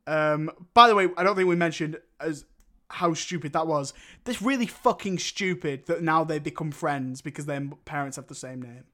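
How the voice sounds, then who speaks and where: A man's voice: fairly high pitch, normal speed, a bit bright. A man co-hosting a casual film review podcast, rambling and often breaking into laughter. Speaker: podcast co-host.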